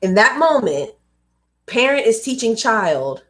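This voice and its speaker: A woman's voice: mid-range voice, moderate pace. A young adult woman hosting a live read-aloud, reading a book and adding casual, emphatic asides. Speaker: host reading books aloud.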